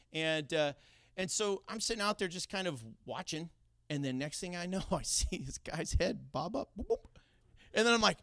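A middle-aged man preaching a sermon, telling a personal story in an animated way with laughing asides. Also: sits high, dry recording, studio quality. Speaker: pastor.

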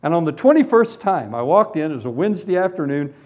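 Animated man telling a funny testimony. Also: fairly high pitch, fast. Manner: animated, self-deprecating storytelling. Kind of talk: humorous sermon testimony. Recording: dull lo-fi recording.

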